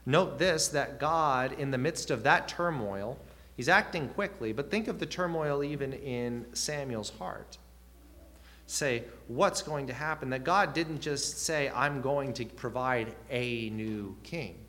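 A man's voice: mid-range voice, takes it slowly, bright, forceful tone. A man preaching a sermon, earnest, with rising and falling emphasis and questions put to the listeners.

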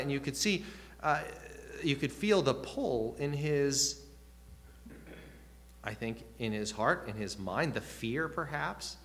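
A man's voice: medium pitch, animated, takes it slowly, a bit bright. A man preaching a sermon, earnest, with rising and falling emphasis and questions put to the listeners.

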